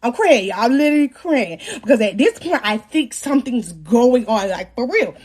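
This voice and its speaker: High, husky-voiced young woman. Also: moderate pace. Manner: animated, slangy, joking with viewers. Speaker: live-stream host. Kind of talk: casual storytelling on a livestream.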